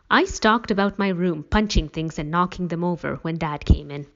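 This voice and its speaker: A woman narrating a first-person story in a wry, dramatic manner. Her voice sits low, and the recording is dull and lo-fi. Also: normal speed, hardly any pauses, fairly bright tone.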